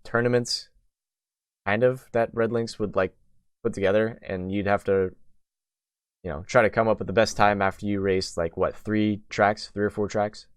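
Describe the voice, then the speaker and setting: A young man chats on a gaming podcast in a loose, rambling way, padding his thoughts with fillers and restarts. His voice sits a little low and sounds smooth and clean. The close mic gives a dry sound with no room in it. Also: steady tone, moderate pace, no echo. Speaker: podcast host. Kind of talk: casual podcast chat.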